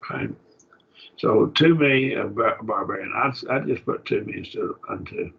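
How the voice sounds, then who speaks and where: A man's voice: fairly low pitch, normal speed, creaky, husky. A man teaching a college-level Bible study class, working through Greek grammar and thinking aloud with frequent restarts. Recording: dull lo-fi recording.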